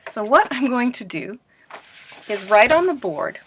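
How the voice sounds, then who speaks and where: A woman's voice: a little high, big pitch swings, fairly bright tone, a little hiss or hum. A woman teaching a pronunciation lesson in a staged classroom, asking questions and answering them herself as if students replied. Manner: clear, deliberate teacher delivery.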